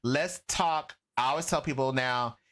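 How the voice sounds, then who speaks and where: Bright-voiced man telling animated stories. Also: mid-range voice, unhurried. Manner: lively storyteller who acts out quoted people. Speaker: guest, esports educator and consultant. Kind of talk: casual interview chat.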